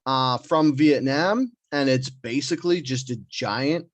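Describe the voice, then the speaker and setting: A man's voice: mid-range voice, measured pace. A man hosting a podcast, reading out list entries in a joking casual chat. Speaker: podcast host.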